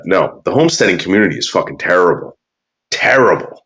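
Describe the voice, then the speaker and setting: A man's voice: fairly low pitch, big pitch swings, fast, muffled recording. A man ranting crudely and bitterly in casual talk, drawling some words and muttering others. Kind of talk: profane casual rant.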